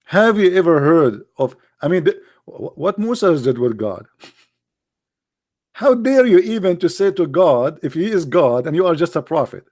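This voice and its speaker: Man, religious commentator, high voice, mocking and emphatic, shaky non-native English grammar. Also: big pitch swings, normal speed, darkish tone. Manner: mocking, emphatic, rhetorical questions. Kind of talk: argumentative monologue.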